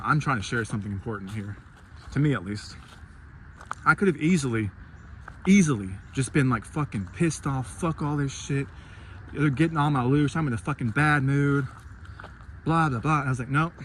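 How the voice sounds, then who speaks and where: A man's voice: medium pitch, fairly bright tone, a little hiss or hum. A man telling a rambling, profane story about his day, acting out his own reactions in a casual vlog.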